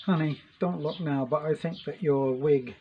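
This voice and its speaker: A man's voice: fairly high pitch, moderate pace. A man co-hosting a casual video chat, teasing with dry humor. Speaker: co-host. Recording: dull recording with faint noise.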